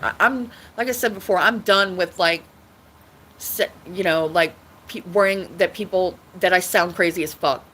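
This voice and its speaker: This woman's voice sits on the low side and is a bit bright, moving at a moderate pace as she talks casually on her own livestream. She rambles, repeats herself, restarts often and swears frequently, over a rough recording with slight background noise.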